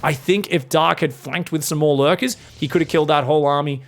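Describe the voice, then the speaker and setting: Excitable man casting a strategy game. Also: on the high side, fairly quick, slight background noise. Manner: excitable, swearing, acting out players' thoughts in quotes. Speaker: esports caster. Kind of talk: solo game commentary.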